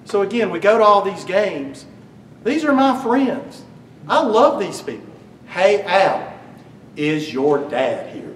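A man's voice: sits high, big pitch swings, slow. A middle-aged man giving a eulogy for his father, telling funny stories and joking with the crowd. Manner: warm storytelling, joking with the crowd. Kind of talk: eulogy speech with humorous stories. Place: memorial service hall. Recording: echoey hall from far off, faint hum.

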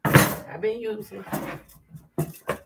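A woman vlogging in a relaxed, chatty way, talking straight to her viewers and laughing often. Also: medium pitch, extremely slow, vocal fry, very noisy. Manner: chatty, folksy, laughs often, addresses viewers as "girl" and "y'all". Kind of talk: casual chat to viewers while eating.

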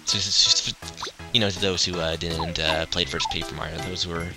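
A man's voice: low-pitched, fairly even intonation, brisk. A man casually narrating his video game playthrough, rambling with fillers and chuckles. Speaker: let's play narrator. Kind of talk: casual gameplay commentary. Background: game music.

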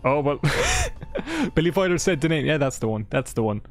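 A man's voice: a little high, wildly swooping pitch, moderate pace. A man streaming a game live, rambling casually, joking and swearing as he chats with viewers. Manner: rambling, chatty, swears and jokes with chat. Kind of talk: casual live gameplay commentary. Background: game music.

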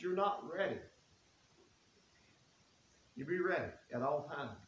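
Man, preacher, folksy and earnest, slightly high voice, echoey church room. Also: animated, takes it slowly, lo-fi sound. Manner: folksy, earnest, reads scripture aloud. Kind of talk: sermon. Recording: echoey room with faint hiss.

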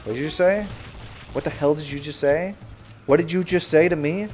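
A young man livestreaming a game, bantering loudly and sarcastically with his chat in mock outrage. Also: on the high side, normal speed, faint music behind. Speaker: streamer. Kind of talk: live gaming stream chatter.

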